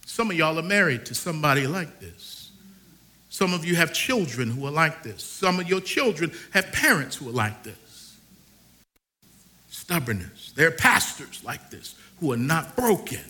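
A middle-aged pastor preaching a sermon, swinging between loud calls and hushed, drawn-out lists. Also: male voice, high voice.

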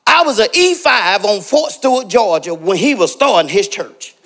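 A middle-aged man preaching with a strikingly high, lively voice that swings widely in pitch. He tells personal stories, calls out members of the congregation by name, and climbs into shouted exhortations. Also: normal speed. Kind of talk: sermon with personal storytelling.

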